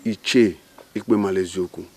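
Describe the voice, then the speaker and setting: A man playing a calm, dignified envoy from a neighbouring village, speaking slowly and solemnly. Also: low-pitched, faint music behind. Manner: slow, measured, solemn.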